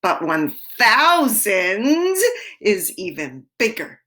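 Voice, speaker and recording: A woman teaching young children in a gentle, encouraging way, sometimes dropping to a whisper. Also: fairly low pitch, expressive, very slow. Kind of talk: slow, animated children's lesson.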